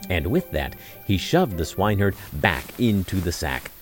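A man narrating a fairy tale in an expressive storytelling style, with wry asides. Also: sits low, moderate pace, soft background music.

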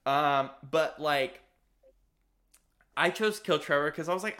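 A man's voice: a little high, takes it slowly, pauses often, sharp tone. A young man co-hosting a podcast, rambling through a casual chat with lots of restarts and laughs. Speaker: podcast co-host.

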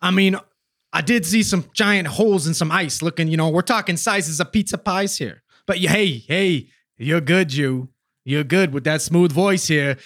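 A man's voice: on the high side, moderate pace, a bit bright, no room sound, clean studio sound, lightly acted. A man voicing a defensive, swearing, streetwise male witness with a South Jersey accent. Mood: cagey. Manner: swearing, tough-guy slang, cagey.

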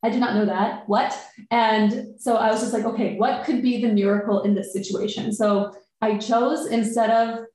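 A woman chatting casually on a podcast, telling an animated story and acting out her own inner thoughts. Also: on the high side, normal speed, few pauses, very echoey, poor audio. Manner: animated storytelling, quotes herself.

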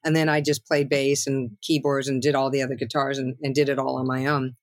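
Relaxed, rambling middle-aged woman. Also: very deep voice, a little fast, no room sound. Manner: loose and rambling, full of "you know" and "like". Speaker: songwriter guest. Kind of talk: casual interview chat.

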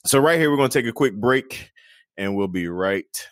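A man's voice: medium pitch, lively intonation, normal speed, a bit bright, no room sound. A man hosting a podcast, talking in a laid-back, joking way and laughing often. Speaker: podcast host. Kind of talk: casual podcast conversation.

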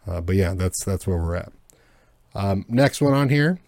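Low-voiced man in rambling podcast chat. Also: expressive, moderate pace, gravelly, darkish tone, no room sound, studio quality. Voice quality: swears freely, rambling with many fillers and restarts. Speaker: podcast co-host. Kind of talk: casual chat.

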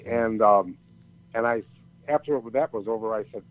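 A man's voice: on the low side, normal speed. An older man telling a long, rambling story in casual chat, swearing freely and often restarting his sentences. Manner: rambling, profane, many restarts. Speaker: storyteller guest. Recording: tinny phone-like audio.

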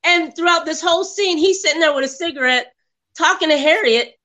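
A woman talks casually about a film she just watched. Her voice is bright and sharp. She retells scenes with animation and slips into quoting the characters. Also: extremely high pitch, brisk. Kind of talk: casual movie review chat.

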